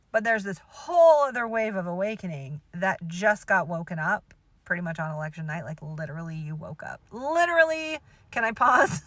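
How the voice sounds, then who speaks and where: A woman spiritual teacher talks straight to her followers in a bright, sharp voice, recorded dry and close. She is animated and exclamatory, laughs often, and swears freely in casual speech. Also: fairly low pitch, dry recording. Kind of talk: casual monologue to camera.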